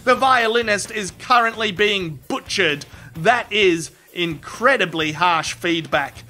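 A man's voice: sits high, animated, slow, pushed and bright, faint music behind. A man narrating animal clips with crude, sarcastic comic commentary. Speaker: comedy narrator.

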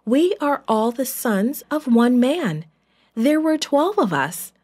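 Anxious grown brothers plead in a raised, strained voice, as a woman reading a children's Bible story puts them on. The tone is high and insistent. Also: big pitch swings, slow pace, a little mellow, heavily acted.

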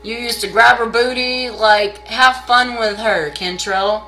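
A woman's voice: steady tone, measured pace, bright, forceful tone, faint music behind, rough recording. A woman doing a casual live tarot reading, blunt and profane, scolding viewers and pushing sales. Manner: pushy sales pitch.

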